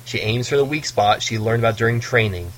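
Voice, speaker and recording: A man's voice: mid-range voice, brisk, slight background noise, rough recording. Man casually recapping a story. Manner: storytelling recap with playful asides. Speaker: podcast co-host recapping a novel. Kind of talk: casual book discussion.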